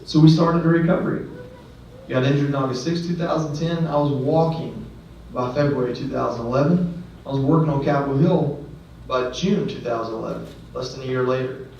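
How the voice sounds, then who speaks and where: Addressing a gathered audience at a ceremony venue, a guest speaker shares a personal story with earnest, conversational warmth and a few jokes at his own expense. His plain, mid-pitched voice is brisk and a little mellow. It's picked up from a distance in a very echoey hall, sounding dull over faint background noise.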